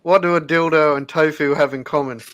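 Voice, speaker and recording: A man's voice: fairly high pitch, steady tone, a little fast, fairly bright tone, no echo. A man chatting on a live stream, laid-back and giving short replies. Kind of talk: casual live-stream chat.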